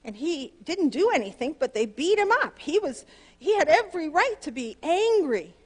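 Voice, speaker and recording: Woman pastor, fifties, earnest sermon storytelling, fairly high voice, in a church. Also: moderate pace. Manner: earnest and animated, pitch leaps up on emphasis. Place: church sanctuary.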